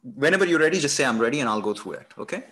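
A man's voice: fairly high pitch, very animated, rapid-fire, a bit bright, breathy edge. Encouraging male tutor on a video call. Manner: encouraging, reassuring. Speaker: exam tutor. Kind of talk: coaching over a video session.

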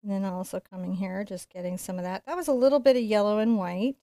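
A woman teaching a live-streamed painting lesson, chatty and playful, going quiet while she concentrates. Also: mid-range voice, fairly even intonation, fast, no room sound, clean studio sound. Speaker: painting instructor.

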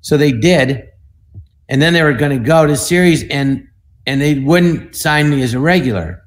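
Male, 60s, from the US. Panel guest, animated storyteller who acts out the dialogue. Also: fairly high pitch, normal speed. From United States. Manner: animated, acts out other people's lines in the stories. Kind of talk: anecdotal storytelling.

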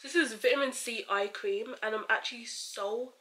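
Bright-voiced chatty young woman. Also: fairly high pitch, moderate pace, poor audio. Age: young adult. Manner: chatty, bubbly, lots of fillers. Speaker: beauty vlogger. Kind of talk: casual haul chat.

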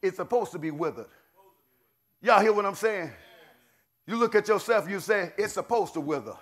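A middle-aged man preaching a sermon, swinging between shouted declarations and low murmured asides. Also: animated, normal speed.

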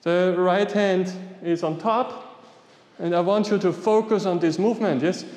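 With a high-sitting, darkish voice and fairly even intonation, a man teaches qigong a little slowly. He gives brief commands in simple non-native English and keeps asking "yeah?", his voice echoing from some distance in a hall.

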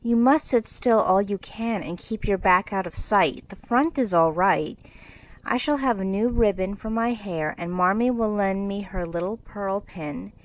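A woman's voice: medium pitch, a little slow, natural voice, low-quality recording. A woman voicing a fussy, girlish teenage older sister in a storybook reading, in a raised, eager and fretful way.

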